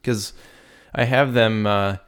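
A man co-hosting a casual podcast, talking in a rambling, halting way with many fillers. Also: lowish voice, fairly even intonation, a bit bright, clear, resonant tone. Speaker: podcast co-host. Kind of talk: casual chat.

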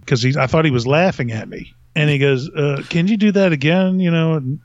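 A man's voice: on the high side, normal speed, hardly any pauses, no echo, muffled recording. A middle-aged man hosting a podcast, telling a rambling, self-mocking story in a casual way and laughing at himself. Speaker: podcast host.

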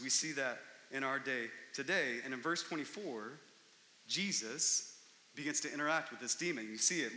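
Pastor, male, high and very bright voice, animated preaching, echoey hall with long reverb. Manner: animated storytelling, rising to excited emphasis. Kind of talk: sermon.

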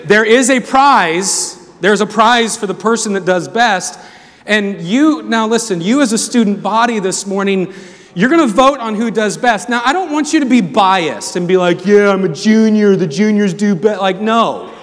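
A man's voice: sits high, lively intonation, normal speed, a bit bright. A man speaking to a student chapel crowd, playful and jokey, calling out to the room on a handheld mic. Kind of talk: lively sermon intro with audience game. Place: large hall with student audience. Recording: reverberant hall, crowd and noise.

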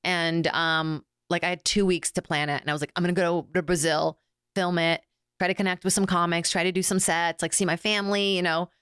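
A woman's voice: lowish voice, level tone, brisk, fairly bright tone, smooth, dry recording, studio quality. A young woman guest comedian chatting casually, telling stories animatedly with lots of fillers and acted-out quotes. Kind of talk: casual chat.

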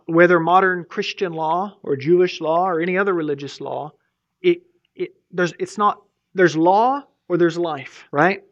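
A male pastor delivers a sermon in a loose, conversational way. He wanders through asides and restarts his thoughts often, and his voice sits a little high. The recording sounds dull and lo-fi. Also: fairly bright tone. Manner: rambling, informal, many fillers and restarts. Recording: muffled lo-fi recording.

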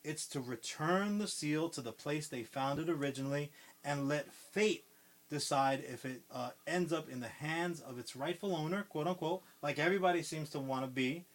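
Podcast co-host, male, slightly high voice, animated storyteller who swears freely. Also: moderate pace. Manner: animated, swears often, retells plots. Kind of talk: casual chat.

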